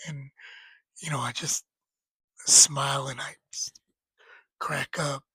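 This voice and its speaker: A man's voice: on the high side, slightly rough, no room sound, poor audio. A man in his thirties casually recounting a story about a late friend, rambling, laughing and sometimes tearful. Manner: rambling, laughs while retelling, quotes friend in lively voices. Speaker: storyteller sharing grief.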